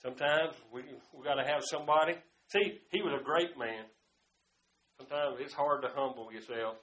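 A man preaching a sermon, his delivery swinging between loud, fervent outbursts and hushed asides. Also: on the high side, normal speed, echoey room. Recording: dull lo-fi sound.

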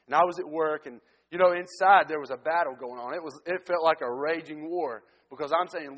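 Guy preaching his testimony, kinda high voice, big church echo. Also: brisk, hardly any pauses, fairly bright tone, lo-fi sound. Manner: earnest storytelling, frequent restarts. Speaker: missionary preacher. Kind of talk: testimony sermon to a congregation. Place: church sanctuary. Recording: long church hall reverb.

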